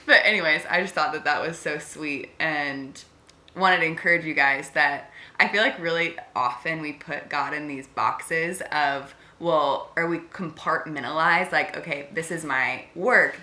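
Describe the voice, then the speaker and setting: Lively young woman telling stories. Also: low voice, moderate pace. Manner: animated storyteller, laughs often. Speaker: co-host. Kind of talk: casual couple chat. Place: bedroom. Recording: echoey room.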